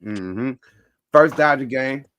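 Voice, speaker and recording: A man telling a story in casual chat, animated and slangy, acting out both sides. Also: mid-range voice, slow, clean tone. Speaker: host.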